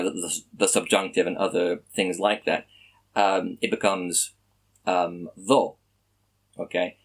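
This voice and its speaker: Man thinking aloud with lower pitch. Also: poor audio. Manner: musing, thinks aloud with many ums and rhetorical questions. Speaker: language learning vlogger. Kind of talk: casual explanatory monologue.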